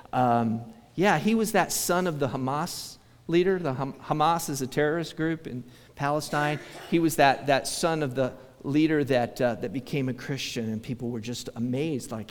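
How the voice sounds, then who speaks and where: Male pastor, fairly high voice, chatty sermon delivery with acted-out quotes, church-hall reverb. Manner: conversational preaching, acts out quoted voices, frequent restarts.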